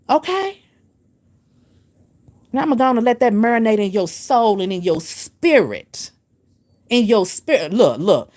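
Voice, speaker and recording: A woman hosts a spiritual livestream. She scolds and preaches at a commenter, hammering her points with repetition. Her pitch swoops from low and firm to high and emphatic. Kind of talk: livestream rant answering comments.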